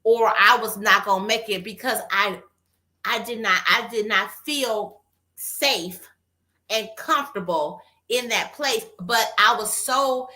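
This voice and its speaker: A woman therapist co-hosting a casual talk on a video call, telling stories in an animated way and acting out what people said. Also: mid-range voice, slow. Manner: animated storytelling, acts out quotes. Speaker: therapist and co-host. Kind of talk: casual conversation.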